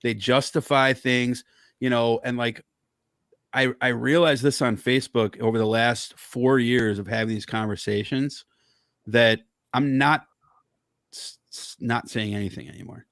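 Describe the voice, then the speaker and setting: Man guest, mid pitch, dry sound, fired-up storyteller swearing freely. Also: fairly even intonation, unhurried, fairly bright tone, no echo. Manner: heated, profane storytelling. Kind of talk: casual chat.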